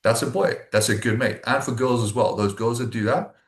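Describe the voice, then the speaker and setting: A South African man co-hosting a podcast chats casually in a mid-range voice, talking a little fast. He's blunt and swears freely while acting out what his friends said, and the room is echoey.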